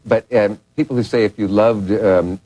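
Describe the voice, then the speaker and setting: Deep-voiced, teasing talk show host. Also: male voice, fairly even intonation, moderate pace, mellow, no echo, poor audio. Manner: playful, teasing questions. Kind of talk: casual interview chat.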